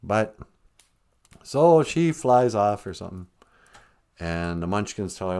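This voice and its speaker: Animated casual male storyteller. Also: fairly low pitch, slow, long pauses, clear, resonant tone. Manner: animated and casual, humming and singing snatches. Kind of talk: live-stream storytelling.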